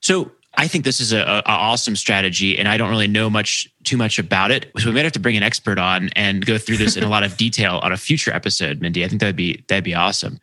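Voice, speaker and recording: A man hosting a podcast, asking questions in a relaxed way and often restarting phrases. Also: on the low side, fast talker, hardly any pauses, no room sound. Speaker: podcast host. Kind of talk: casual interview chat.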